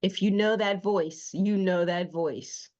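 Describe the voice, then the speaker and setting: A woman hosting her own show, telling a personal story slowly and emotionally with emphatic repetition. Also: mid-range voice, steady tone, a little mellow, dull audio. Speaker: host. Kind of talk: personal testimony monologue.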